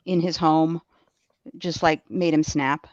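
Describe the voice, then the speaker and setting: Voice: mid-range voice, steady tone, takes it slowly, no room sound, muffled recording. A podcast co-host talking in a casual chat, with a blunt and sarcastic manner.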